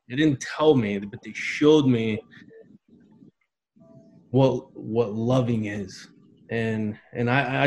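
A man's voice: medium pitch, a little mellow, slight background noise, poor audio. A man in his thirties telling an emotional personal story in a casual conversation, earnest and heartfelt. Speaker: podcast guest.

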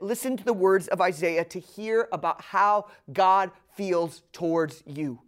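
Earnest woman preaching a sermon. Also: lowish voice. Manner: earnest, emphatic, slows down on key phrases; direct address to listeners.

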